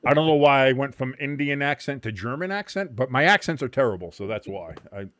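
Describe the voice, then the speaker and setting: A man's voice: medium pitch, brisk, no echo. A man from the United States hosting a casual watch-along stream, explaining the game and cracking profane jokes. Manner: profane, joking, animated. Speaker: host.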